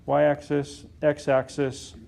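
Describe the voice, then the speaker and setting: A man's voice: fairly high pitch, monotone, drawn-out words, creaky, a little mellow. A man teaching a calculus lesson to a class, often stopping to question the students and check that they follow. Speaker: math teacher.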